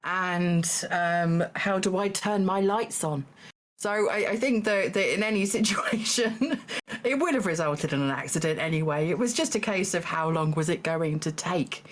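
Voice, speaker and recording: A woman hosting a live-streamed game show, talking in a halting way with lots of fillers and small laughs. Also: on the low side. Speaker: Taskmaster host.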